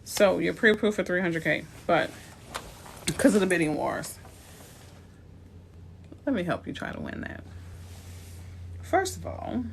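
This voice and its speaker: Gravelly-voiced New Orleans woman, lowish pitch. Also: unhurried, long pauses, a little hiss or hum. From New Orleans, USA. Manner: chatty, playful asides to viewers. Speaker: realtor. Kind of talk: casual live-stream advice.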